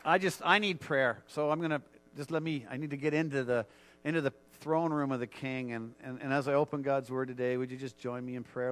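A man's voice: medium pitch, fairly even intonation, a little fast, fairly bright tone. A man preaching a sermon as pastor and leading a prayer, earnest and repetitive, often restarting his sentences.

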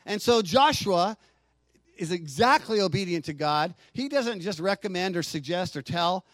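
Man, pastor, sermon, earnest preaching, higher voice, soft to loud, dry close sound. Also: animated, normal speed, no echo. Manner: earnest preaching, swinging from hushed to loud and emphatic; calls out to the congregation for responses.

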